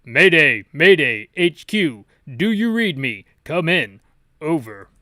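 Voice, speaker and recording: A soldier shouts urgent radio calls for a helicopter, as a man acts him out. His voice is loud and pushed, in a tight, dry sound. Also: on the high side, sing-song, slow, dry recording, exaggerated voice. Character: gruff male soldier calling for rescue.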